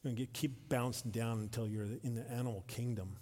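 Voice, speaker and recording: A male pastor preaching a sermon. He grows emphatic and louder when reading scripture and drops softly for asides. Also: steady tone, fast talker. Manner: drops to a soft, low voice for asides. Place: church sanctuary. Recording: reverberant church hall.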